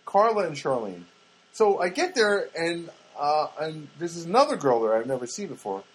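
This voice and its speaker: A man's voice: fairly high pitch, big pitch swings, moderate pace, breathy edge, low-quality recording. A man hosting a podcast, telling rambling comic stories in a chatty, self-interrupting way full of asides. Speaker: podcast host. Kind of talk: rambling comic storytelling monologue.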